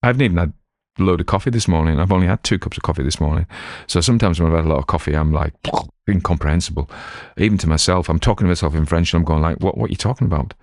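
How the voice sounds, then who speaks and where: A man's voice: low voice, rapid-fire, darkish tone, no room sound, studio quality. A middle-aged Cumbrian man from Cumberland, an audiobook host chatting in a digressive, self-mocking way. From Cumberland, England. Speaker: audiobook reader and channel host. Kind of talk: casual rambling chat.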